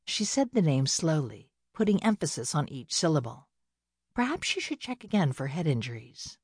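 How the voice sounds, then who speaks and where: A woman narrating a novel in a steady, measured storytelling voice. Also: low voice, husky, no room sound, studio quality. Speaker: audiobook narrator. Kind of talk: scripted narration.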